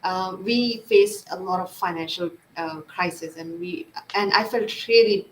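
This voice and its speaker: A woman psychologist being interviewed, speaking softly with many fillers and restarts. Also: fairly low pitch, a little slow. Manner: soft-spoken, frequent fillers and restarts. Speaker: guest psychologist. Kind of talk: live interview. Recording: echoey room with faint noise.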